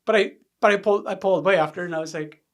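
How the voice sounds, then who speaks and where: A man's voice: high voice, racing. A man in a podcast interview, openly telling a personal story and acting out what people said. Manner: candid, animated, acts out quoted voices. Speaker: podcast guest. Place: podcast studio.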